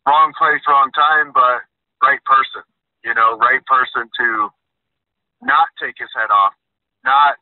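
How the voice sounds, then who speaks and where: A man talking casually on a podcast about martial arts, reflective and a little halting. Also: medium pitch, dry recording. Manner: reflective, halting, repeats words. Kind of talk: casual conversation. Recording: dry, tinny phone-like line.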